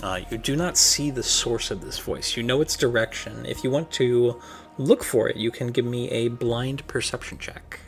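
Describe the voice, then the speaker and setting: A man narrating a tabletop game as game master, unhurried, with many filler ums. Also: mid-range voice, vocal fry, soft background music.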